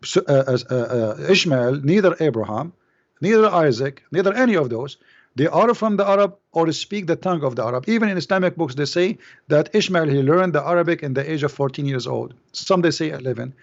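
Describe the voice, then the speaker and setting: Male caller, slightly high pitch, halting then pressing, muffled lo-fi audio. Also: lively intonation. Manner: questioning, many hesitant fillers. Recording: dull lo-fi line.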